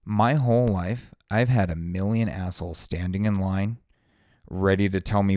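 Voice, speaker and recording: A man with a low voice delivers a blunt, profane, fired-up pep talk to the camera. The sound is dry and close, with no room echo. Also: fairly even intonation, normal speed, darkish tone. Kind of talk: casual motivational monologue.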